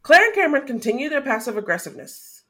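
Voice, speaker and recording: A woman's voice: high voice, sing-song, fast, a bit bright, breathy edge. A woman co-hosting a podcast, talking things through in a casual, analytical way with some hesitant fillers. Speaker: podcast co-host. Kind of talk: casual recap chat.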